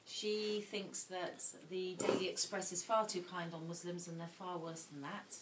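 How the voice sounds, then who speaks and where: A woman with a lowish voice delivers her earnest, emotional personal talk as a dinner's invited speaker, speaking flatly and a little slowly. Heavy background noise fills the recording, made in an indoor dinner hall with a distant mic that gives a roomy sound and faint ambience.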